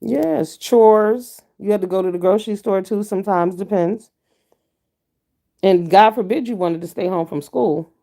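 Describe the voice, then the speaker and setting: With a medium-pitched, mellow voice marked by vocal fry, a middle-aged vlogger rants a little slowly to her audience. She's blunt and profane, dropping frequent mm-hmms into a casual video.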